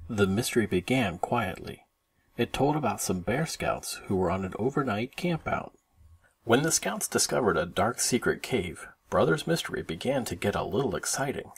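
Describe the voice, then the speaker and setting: A man reading a children's storybook aloud for his kids, expressive and animated. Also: fairly low pitch, normal speed, gravelly, breathy edge.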